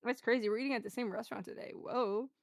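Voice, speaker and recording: A young American woman chatting as a guest, telling stories in a relaxed, wry way that often drops to soft asides. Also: fairly high pitch, fast talker, no room sound, clean studio sound. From United States. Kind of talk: casual chat.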